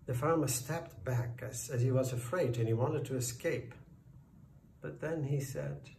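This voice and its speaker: A man narrating a folk tale in a slow, deliberate storytelling voice. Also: mid-range voice, a little mellow. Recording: roomy, distant, faint background noise.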